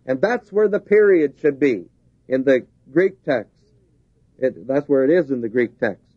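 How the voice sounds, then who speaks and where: A man's voice: medium pitch, animated, measured pace, no room sound. A man preaching a sermon, driving his points home with repeated, rising emphasis. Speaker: pastor. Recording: dull lo-fi 1970s tape.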